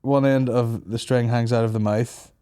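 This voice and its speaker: A man's voice: medium pitch, fairly even intonation, moderate pace, warm tone, clean tone. A man hosting a comedy podcast, chatting casually, joking crudely and swearing freely. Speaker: podcast host.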